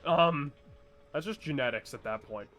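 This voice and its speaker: A man's voice: on the high side, moderate pace, a bit bright, faint music behind. A young man from New Hampshire with a New Hampshire accent, chatting casually and rambling, swearing and laughing over gameplay. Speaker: let's play co-host.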